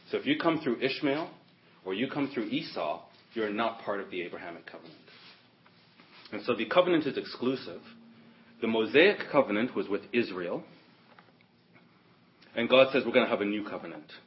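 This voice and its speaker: Male preacher, expressive pitch, emphatic delivery, dull low-fidelity sermon audio. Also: slight background noise. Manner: emphatic, stresses key words and repeats points. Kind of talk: expository sermon.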